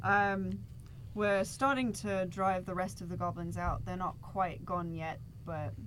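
A woman's voice: on the low side, steady tone, unhurried, a bit bright, a little hiss or hum. A woman voicing a blunt, suspicious male town guard leader in his sixties during a tabletop game. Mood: grudging. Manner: blunt, suspicious, barks orders. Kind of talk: tabletop role-play acting.

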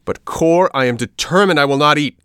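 Guy putting on a squeaky little wooden puppet kid, whiny and stubborn, gravelly edge, dry sound. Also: moderate pace, dry recording, natural voice. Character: wooden boy puppet, hungry and fretful.

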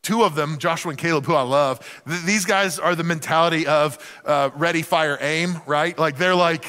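Male pastor, sermon, high bright voice, long hall reverb. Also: fairly quick, hardly any pauses. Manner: animated, acts out quoted voices.

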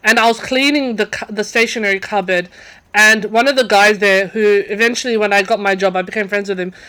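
A woman's voice: mid-range voice, steady tone, a little fast, sharp tone. Young woman, casual storytelling, chatty, full of fillers and restarts. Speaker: podcast guest.

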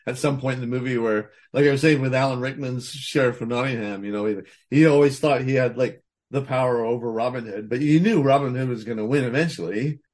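A man's voice: mid-range voice, quick pace, few pauses, a little mellow. This is a man guesting on an interview, speaking casually about his craft. He rambles, circles back with restarts, and breaks into laughter often. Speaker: voice actor guest.

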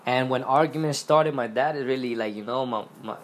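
A man's voice: medium pitch, a little fast, echoey room, slight background noise. A man hosting a podcast, talking about his spiritual outlook in a rambling, earnest way full of restarts. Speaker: podcast host. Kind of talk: casual spiritual monologue.

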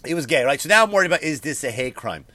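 Profane Irish comedian ranting at home. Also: male voice, fairly high pitch, racing, no room sound. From Ireland. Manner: profane, animated storytelling. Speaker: comedian and podcast host. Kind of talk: comedic rant.

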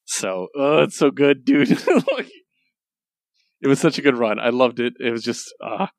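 A man's voice: medium pitch, animated, measured pace, gravelly, no room sound. A man co-hosting a comics podcast in casual chat, loose and rambling, enthusiastic and swearing casually. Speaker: podcast co-host reviewing comics.

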